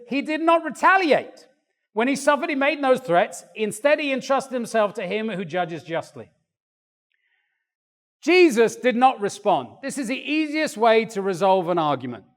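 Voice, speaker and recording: Animated older male preacher in a reverberant hall. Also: very high-pitched. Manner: animated, acts out voices in quotes. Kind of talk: sermon. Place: church hall. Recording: long reverb of a church hall.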